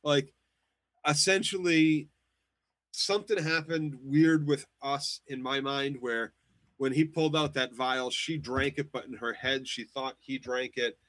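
A man co-hosting a recap show, talking excitedly with many stumbling restarts. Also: mid-range voice, measured pace. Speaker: podcast co-host. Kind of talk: casual chat.

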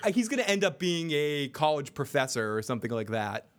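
A man's voice: a little high, big pitch swings, brisk. A man hosting a casual TV recap chat, swearing freely, reading chat aloud and acting out scenes. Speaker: podcast host.

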